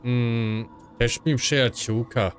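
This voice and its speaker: A man giving casual let's-play commentary as a gaming streamer, with relaxed, offhand remarks. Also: medium pitch, takes it slowly, soft background music.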